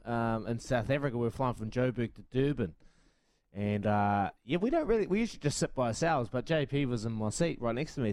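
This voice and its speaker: A man's voice: mid-range voice, no room sound. Male radio co-host, easygoing, rambling anecdotes, plenty of fillers. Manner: relaxed, rambling, filler-heavy. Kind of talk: casual chat.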